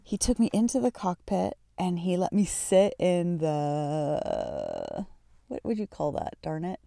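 A woman's voice: on the low side, huge pitch swings, takes it slowly, gravelly, warm tone, no echo, clean studio sound. A woman, hosting a podcast and telling a personal story in a reflective way, often searching for words. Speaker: podcast host.

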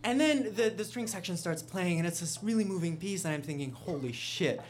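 A man from Russia telling a self-mocking story on stage before an audience, building to loud punchlines. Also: high-pitched, expressive, fairly quick.

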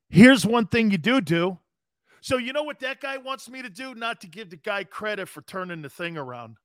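A man's voice: high voice, sharp tone, dry recording, clean studio sound. A man hosting a live sports talk show, answering viewer comments in a brash, profane, combative way. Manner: combative, playfully needling callers and commenters.

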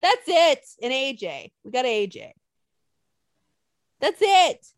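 A woman's voice: sits high, sing-song, slow pace. A young woman co-hosting a casual podcast, ranting with lots of swearing and mocking put-on quotes. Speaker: podcast co-host. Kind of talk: casual chat.

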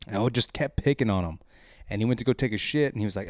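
Young man, podcast co-host, low voice, dry close-mic room, loose rambling delivery. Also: racing, dry recording. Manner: rambling storyteller, laughs often. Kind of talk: casual crude chat.

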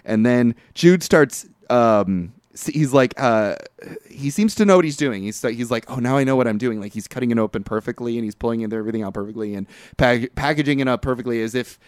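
A man in mid pitch retells a film's plot at length as a podcast co-host, rambling and swearing, with bursts of disbelief. His voice sits close and dry against the mic, with no room around it. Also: fairly quick, clear, resonant tone, dry recording. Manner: rambling, profane, animated retelling. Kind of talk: casual movie recap chat.

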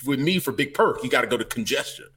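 Lively, bright-voiced male co-host. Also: medium pitch, fast, husky. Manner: animated, emphatic, jokey. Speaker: podcast co-host. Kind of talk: casual sports chat.

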